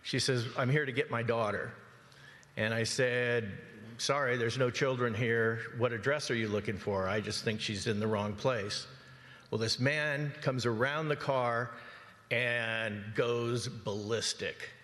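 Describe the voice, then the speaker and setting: A man's voice: medium pitch, unhurried, a bit bright. Agitated man at a council podium. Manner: agitated, emphatic retelling with repeated "okay?". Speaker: resident making public comment. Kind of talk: public comment at a council meeting. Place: council chamber. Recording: long hall reverb in a council chamber.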